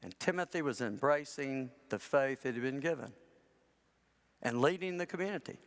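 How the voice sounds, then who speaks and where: A man's voice: mid-range voice, expressive, moderate pace. A man preaching a chatty sermon, full of self-deprecating humor and acting out people in his stories. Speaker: pastor. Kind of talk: conversational sermon with storytelling. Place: large church sanctuary. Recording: church with long reverb.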